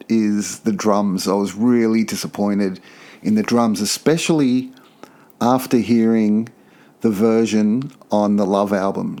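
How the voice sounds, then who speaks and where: A man's voice: on the low side, mellow. A man hosting a podcast, giving a casual track-by-track album review in an enthusiastic, opinionated way, often repeating himself for emphasis. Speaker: podcast host.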